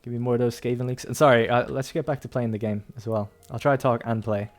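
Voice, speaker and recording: A young man gives loose, rambling commentary while streaming a strategy game, laughing often as he goes. He's a fast talker with a medium-pitched voice and fairly even intonation, and faint music can be heard behind him.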